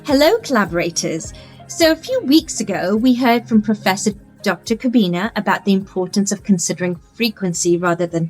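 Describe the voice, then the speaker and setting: A woman hosting a podcast, reading a scripted introduction with lively rising emphasis. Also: lowish voice. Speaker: podcast host.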